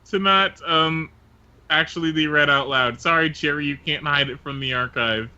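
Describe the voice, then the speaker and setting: A man's voice: fairly high pitch, moderate pace, sharp tone, clear, resonant tone. A man hosting a casual livestream, teasing and reading viewer messages aloud. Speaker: livestream host painting backgrounds. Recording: dull lo-fi stream audio.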